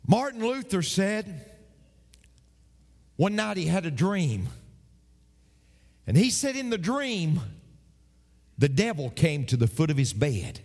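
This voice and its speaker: A male pastor delivering an emphatic sermon, with dramatic pauses and repeated phrases. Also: sits high, big pitch swings, darkish tone, long reverb tail.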